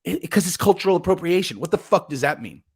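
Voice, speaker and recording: A man hosting a podcast, ranting and cracking crude jokes in an excitable, profane way. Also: high-pitched, fast talker, breathy edge. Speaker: podcast host. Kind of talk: crude comedic banter.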